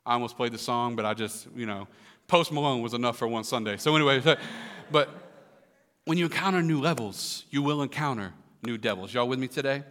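Joking pastor preaching in a reverberant hall. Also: male voice, medium pitch, brisk, a bit bright. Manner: conversational preaching with humor and asides to the congregation. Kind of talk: live sermon. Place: church sanctuary.

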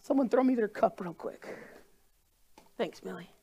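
A woman's voice: medium pitch, moderate pace, husky. A woman preaching a sermon to a congregation in a church room, impassioned and repeating herself for emphasis. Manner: impassioned, building to loud crying pleas.

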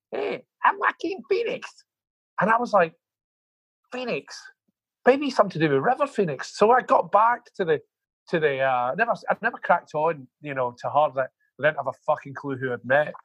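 A man's voice: a little high, lively intonation, fast, a bit bright, dry recording, low-quality recording. A man, a music manager guest, telling rambling, profane anecdotes in a casual interview.

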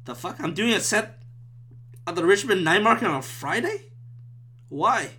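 A man hosting a solo podcast, ranting with agitated swearing that swings between loud outbursts and muttered whispers, in a room at home. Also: high-pitched, animated, a little slow, breathy edge. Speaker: podcast host and stand-up comedian. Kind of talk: rambling solo podcast rant.

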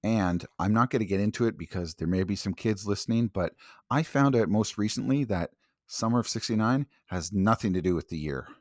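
A man's voice: fairly low pitch, expressive, brisk, darkish tone, dry recording, clean studio sound. A man co-hosting a podcast in casual chat, easygoing and hesitant, with fillers. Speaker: podcast co-host.

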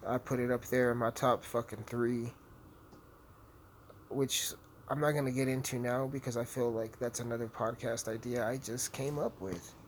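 Brash young man, podcast host, profane rambling rant, mid pitch, faint background ambience. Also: little pitch movement, moderate pace, slight background noise. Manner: brash, swearing constantly, rambling. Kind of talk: casual profane monologue while gaming.

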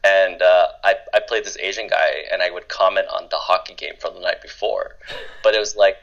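A man chatting as a guest on a casual podcast, upbeat and full of slang. His voice is fairly low. The audio sounds dull and lo-fi. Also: steady tone, fairly quick, creaky, a bit bright. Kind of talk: casual podcast interview chat.

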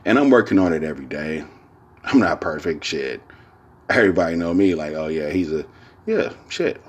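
A man's voice: a bass voice, animated, normal speed, breathy edge. A man hosting his own podcast, talking in a loose, rambling, profane monologue full of slang, repeating filler phrases and laughing often. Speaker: podcast host. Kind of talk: casual solo podcast monologue.

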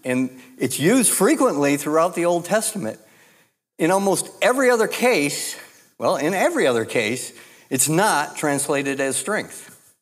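Slow, deliberate male preacher in a hall. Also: fairly high pitch, sing-song. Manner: measured, deliberate delivery with repeated restarts. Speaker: pastor. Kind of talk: sermon. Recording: long hall reverb.

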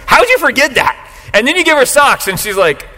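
A man preaching a sermon to a live congregation, joking and swinging between loud bursts and quiet asides. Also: very high-pitched, big pitch swings, brisk. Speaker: pastor. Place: church sanctuary, live congregation. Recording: long hall reverb.

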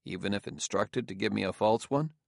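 A man's voice: fairly low pitch, fairly quick, vocal fry, no room sound, clean studio sound. A man voicing a wary male detective who keeps his voice controlled and stiff in an audiobook. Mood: guarded.

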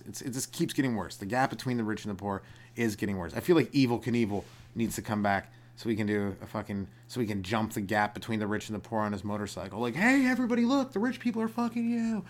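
A young man hosting a solo comedy podcast, rambling from joke to joke and acting out little voices. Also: on the low side.

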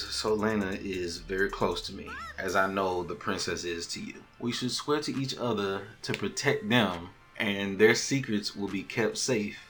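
A man hosting a podcast, recapping a TV episode in a loose, animated way and acting out the characters' lines. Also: fairly low pitch. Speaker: podcast host.

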